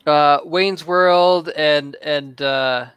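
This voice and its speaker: A man co-hosting a podcast in casual chat, talking haltingly with fillers. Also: on the high side, a bit bright, clear, resonant tone, dry recording. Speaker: podcast co-host.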